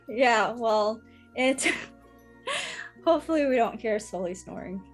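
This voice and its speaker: A woman's voice: a little high, sing-song, drawn-out words, soft background music. A woman in her thirties hosting a podcast, chatting casually and laughing her way through a funny story. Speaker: podcast host.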